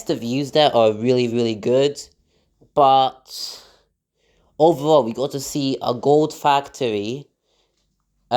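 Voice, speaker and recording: Smooth-voiced chatty male travel vlogger. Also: medium pitch. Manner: chatty and loose, many fillers and restarts. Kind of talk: casual travel vlog recap. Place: travelling in a vehicle.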